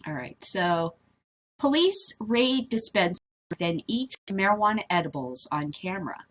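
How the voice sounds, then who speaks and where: A woman's voice: mid-range voice, sing-song, normal speed, a little hiss or hum. Rambling middle-aged woman vlogger. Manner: rambling, easily sidetracked, blunt and swearing. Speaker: vlog host reading and commenting on news. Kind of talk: casual commentary.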